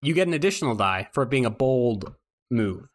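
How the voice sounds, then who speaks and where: A man narrating as game master of a tabletop role-playing game, relaxed and joking with his players. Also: mid-range voice, brisk. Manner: relaxed, joking, stops to laugh at his own flubbed accents.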